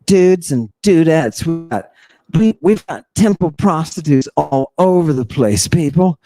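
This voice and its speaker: A man's voice: on the high side, expressive, unhurried, mellow, faint music behind. A man hosting a podcast, delivering an impassioned lecture-style monologue with emphatic, sardonic rhetorical questions. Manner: mocks opponents with exaggerated put-on voices. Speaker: podcast host.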